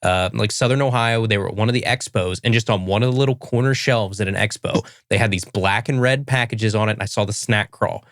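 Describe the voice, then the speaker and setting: A man hosting a fishing podcast, chatting with his guest in a relaxed way. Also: lowish voice, fairly quick, hardly any pauses, no room sound, studio quality. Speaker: podcast host. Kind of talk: casual interview chat.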